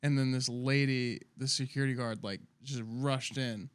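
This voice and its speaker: A young man co-hosting a podcast in casual chat, reacting quickly with short interjections and laughing easily. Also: medium pitch, steady tone, clean tone, no echo. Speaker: podcast co-host.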